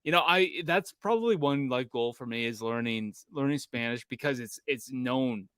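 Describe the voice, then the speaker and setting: A man's voice: mid-range voice, normal speed, a bit bright, clean tone, dry recording. A man from Canada co-hosting a casual podcast, telling stories in a rambling, polite way. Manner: rambling storyteller, self-described polite. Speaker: podcast co-host. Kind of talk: casual chat.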